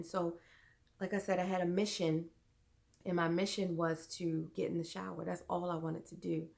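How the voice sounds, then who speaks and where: A young adult woman vlogger earnestly telling a personal story, halting and full of fillers. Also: on the low side, level tone, creaky.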